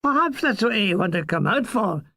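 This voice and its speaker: A man's voice: high-pitched, very animated, moderate pace, gravelly, pushed and bright, no echo, studio quality, exaggerated voice. A man voicing a crude, mocking Scottish soldier in a light Scottish accent. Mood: sardonic. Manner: coarse and gleeful.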